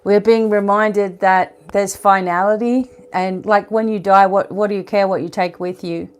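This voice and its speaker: A woman's voice: medium pitch, steady tone, normal speed, clean tone. A woman giving a casual oracle card reading to her viewers, chatting, laughing at her own slips and reading card text aloud.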